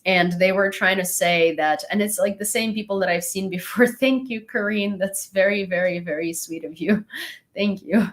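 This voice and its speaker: A young woman hosts a casual live stream, rambling as she reads the chat, thanks her viewers, and laughs here and there. Her voice is medium in pitch and her speed is normal.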